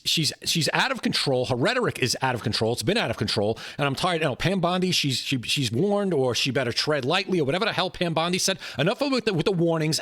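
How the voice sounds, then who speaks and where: Fast-talking indignant male commentator. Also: mid-range voice, fairly bright tone, dry recording. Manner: indignant, repeats words, restarts lines. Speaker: political commentator. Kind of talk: opinion commentary.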